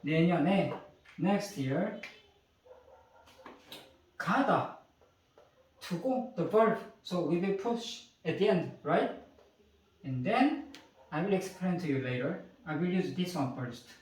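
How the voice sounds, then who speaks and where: Far from the mic in a room full of echo, a man with a Korean accent explains English grammar one step at a time, switching between English and Korean examples. A native Korean speaker, he keeps asking "okay?" and "right?". His high voice is expressive and unhurried, with long pauses.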